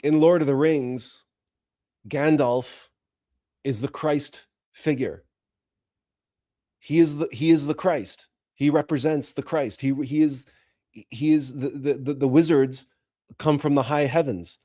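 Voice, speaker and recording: A man's voice: fairly high pitch, fairly even intonation, slow pace, pauses often, mellow. A man hosting a spiritual talk show, speaking in an earnest, emotional monologue with frequent repeats and restarts. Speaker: host.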